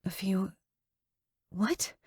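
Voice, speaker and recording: A woman's voice: fairly low pitch, a little slow, a little mellow, husky, no room sound, clean studio sound. Woman voicing a frightened, pleading young captive. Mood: panicked. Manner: panicked, pleading. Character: frightened young female college student, captive. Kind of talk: audiobook dialogue.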